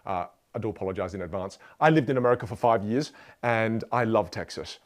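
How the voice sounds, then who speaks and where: A man's voice: lowish voice, fast. A man teaching a motivational communication lesson, speaking playfully and directly to the listener. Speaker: communication coach.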